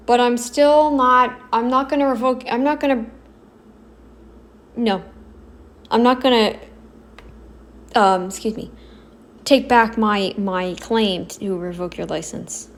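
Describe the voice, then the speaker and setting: Blunt, halting woman reacting on camera. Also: a little high. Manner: halting, self-correcting, blunt and exasperated. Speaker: reaction commentator. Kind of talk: casual reaction commentary. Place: home, kneeling then seated.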